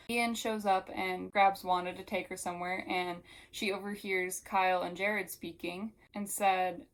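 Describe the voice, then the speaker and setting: A woman's voice: mid-range voice, steady tone, a little slow, hardly any pauses, poor audio. Chatty woman recapping a book. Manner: chatty, filler-heavy, talks to the viewer. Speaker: book reviewer. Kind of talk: casual book recap with read-aloud passages.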